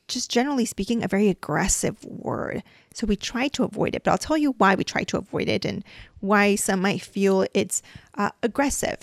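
Woman podcast host, dental hygienist, casual coaching lesson, middle pitch, dry close sound. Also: creaky, no echo. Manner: chatty and explanatory, coaching the listener.

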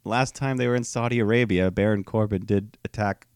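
A man's voice: on the low side, steady tone, brisk, clear, resonant tone, no room sound, clean studio sound. A man co-hosting a podcast, recapping wrestling in a laid-back casual chat, laughing often and trailing off mid-sentence. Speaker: podcast co-host.

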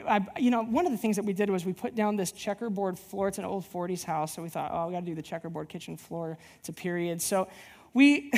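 His voice sits high as this pastor of a church plant preaches, spinning a personal anecdote with lively energy and many false starts. The sound carries long hall reverb.

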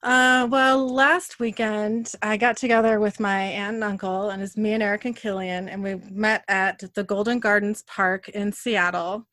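A woman's voice: mid-range voice, fairly even intonation, moderate pace, hardly any pauses, a bit bright, no room sound. A woman co-hosting a casual podcast, telling stories in a chatty way with restarts. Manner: chatty storytelling, trails off in restarts. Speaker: podcast co-host. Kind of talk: casual chat.

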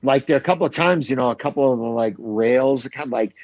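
A man's voice: mid-range voice, fast, no echo, highs cut off. A man chatting casually about a trip, rambling and swearing with many restarts. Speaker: traveler recounting a trip. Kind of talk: casual chat.

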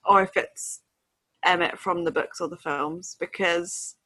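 Woman, podcast co-host, lower register, dry booth sound, casual and animated. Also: a little slow, no room sound. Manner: chatty, acts out quotes in silly voices. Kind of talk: casual book discussion.

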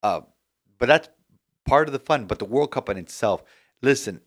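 Man, podcast host, casual sports chat, mid-pitched voice, animated, rambling. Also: moderate pace. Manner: animated, rambling, frequent restarts.

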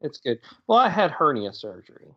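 A man's voice: fairly high pitch, very animated, fairly quick, muffled recording. A man co-hosting a casual podcast while lying down after surgery, joking about himself in a dry way. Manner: dry, self-mocking humor. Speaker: podcast co-host. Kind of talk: casual chat.

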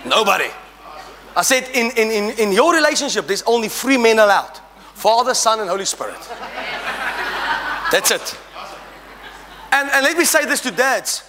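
A middle-aged man preaching a sermon to a congregation, animated and humorous, rising to shouts and drawing call-and-response. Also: very high voice, moderate pace, pauses often, background noise. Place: church hall. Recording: church hall reverb.

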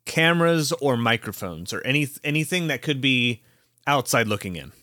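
A man's voice: mid-range voice, animated, normal speed, sharp tone, dry recording, studio quality. A man playing a tabletop role-playing game, hesitant and full of fillers. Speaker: player. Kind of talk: casual tabletop play.

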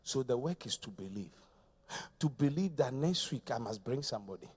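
A man from Ghana preaching a sermon, repeating phrases and swinging between shouts and quiet, low lines. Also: lively intonation, normal speed, slightly rough. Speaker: pastor.

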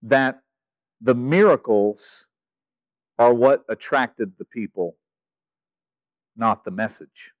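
A male pastor preaching a sermon, animated, swinging from loud stretches to hushed ones. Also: mid-range voice, slow, pauses often, no room sound, dull audio.

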